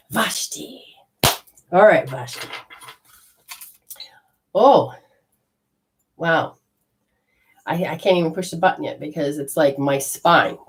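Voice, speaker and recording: A woman giving a live channeling session as a spiritual medium, talking in a rambling, animated way that swings between loud bursts and hushed asides. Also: lowish voice, rough recording.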